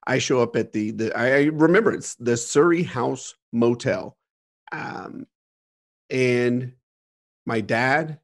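A man's voice: medium pitch, gravelly. A middle-aged man telling a frank personal story as a podcast guest, repeating words and swearing casually. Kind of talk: candid storytelling interview.

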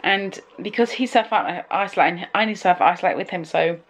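A woman's voice: on the low side, brisk. A young woman chatting casually at home for her vlog, rambling and emotional, often trailing off mid-thought. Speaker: vlogger.

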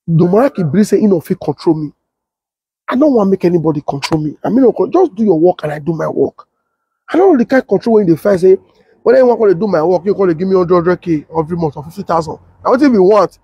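A young adult man with a Nigerian Pidgin English accent, telling a story and acting out the voices of others in a husky tone. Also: fast talker, dry recording, dull audio. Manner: switches to high excited voice when quoting others. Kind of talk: animated storytelling with acted-out quotes.

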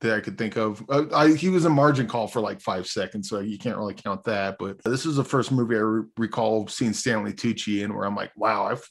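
A man's voice: on the low side, fairly quick, vocal fry, few pauses, breathy edge. A man co-hosting a podcast, rambling in a laid-back way through his movie opinions and swearing casually. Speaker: podcast co-host. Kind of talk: casual movie review chat.

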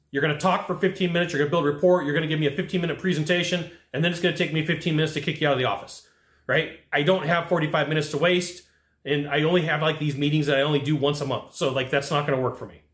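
An energetic man hosting a casual sales lesson, talking straight to viewers and acting out short dialogues. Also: on the high side, reverberant. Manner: energetic and amped up; conversational, acting out quick dialogues. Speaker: sales trainer and channel host.

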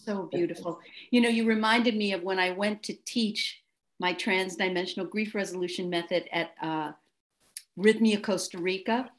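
A woman hosting an interview, gushing with praise and telling animated personal stories in a casual chat. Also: mid-range voice, moderate pace. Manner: effusive, storytelling, gushing praise. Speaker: host.

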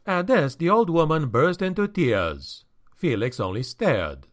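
Slow, expressive male audiobook narrator. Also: fairly high pitch. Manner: measured, expressive storytelling. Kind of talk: scripted fantasy audiobook narration.

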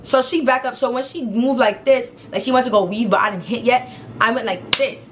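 A young woman tells a story in a casual, animated way, full of slang and asides to her viewers. Her voice sits a little high, and she slips into acted-out quotes as she goes. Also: a little fast, a little hiss or hum. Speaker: vlogger.

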